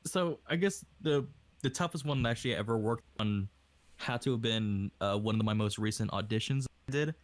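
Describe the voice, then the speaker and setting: A man's voice: medium pitch, brisk, no echo. A young man from Hawaii, an aspiring voice actor, chatting casually in a rambling way over a voice call. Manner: rambling, casual, with many fillers. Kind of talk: casual podcast chat.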